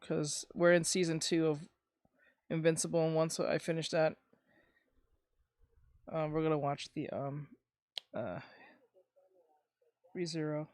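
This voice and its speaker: A woman streamer chatting casually, rambling and swearing, with bursts of loud ranting. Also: sits low, fairly even intonation, unhurried, long pauses, dry recording, studio quality. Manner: rambling and profane, breaking into loud ranting and laughter. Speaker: streamer reacting to videos. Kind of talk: casual chat.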